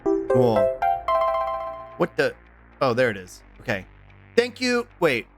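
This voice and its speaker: A young man streaming, chatting casually to his viewers, rambling and swearing as he slips into quick voice impressions. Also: mid-range voice, huge pitch swings, over loud music. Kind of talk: casual livestream chat.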